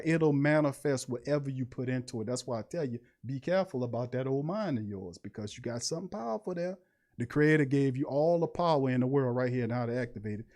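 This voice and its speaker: A man hosting a podcast in a casual livestream monologue, preachy and emphatic, with slangy talk and sudden high-pitched emphasis. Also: a little mellow. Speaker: podcast host.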